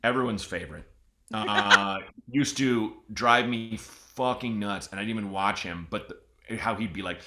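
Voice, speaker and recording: A man hosting a comedy podcast, rambling and animated, often breaking into mocking voices. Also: lowish voice, brisk. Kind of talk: casual podcast chat.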